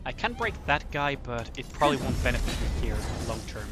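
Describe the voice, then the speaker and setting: Over loud music, a man streams a game and chats casually with viewers. His mid-range voice is sing-song and brisk, and he rambles, often tossing in "right?" and "at the end of the day."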